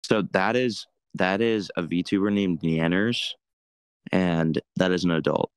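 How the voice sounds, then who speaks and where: A man moderating a voice call, calm and incredulous, pressing for answers. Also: sits low, measured pace, clean tone, no room sound, studio quality.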